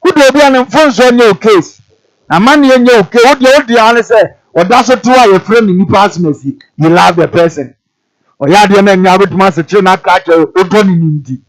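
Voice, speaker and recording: A man's voice: high-pitched, quick pace, rough recording. A man on a TV talk show, repeating Bible verses and explaining them, switching between Twi and English. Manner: expounding on scripture, repeating each verse and explaining it; mixes Twi with English phrases.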